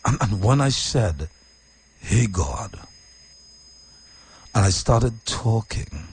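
A man who hosts radio, talking casually about his week, deep-voiced when calm and emphatic with repeated phrases. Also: a little slow, breathy edge. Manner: repetitive, emphatic, swings from quiet and low to high and animated. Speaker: radio host. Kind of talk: casual personal talk.

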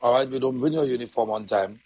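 Husky morning host. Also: male voice, medium pitch, fast talker, darkish tone, no room sound, rough recording. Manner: chatty, laughs often, greets listeners by name. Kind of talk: casual live morning chat with sponsor shout-outs.

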